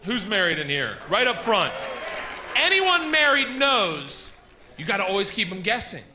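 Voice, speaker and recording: A brash male stand-up comedian spins animated stories in a high, swooping voice. He shouts his punchlines on a comedy stage through a handheld mic. Audience noise runs under the live recording. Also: moderate pace.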